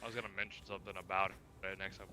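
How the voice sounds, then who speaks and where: A young man joining friends in a co-op game, low-key and laid-back in his chat. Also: flat delivery, very fast, sharp tone, a little hiss or hum, low-quality recording. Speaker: co-op player. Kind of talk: casual gaming chat.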